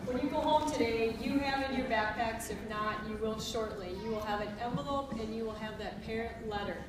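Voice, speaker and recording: A woman's voice: fairly high pitch, brisk. A woman on the school staff giving firm, explanatory announcements to students. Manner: firm, explanatory, stresses deadlines. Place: large echoey school gym. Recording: echoey room, distant mic, background noise.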